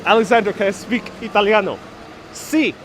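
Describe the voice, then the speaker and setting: A man's voice: sits high, a little fast, fairly bright tone, slight background noise. A man hosting a joking live stream as he walks outdoors on a city street, talking in a sarcastic, playful way into a wireless lapel mic. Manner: sarcastic, playful, laughs often.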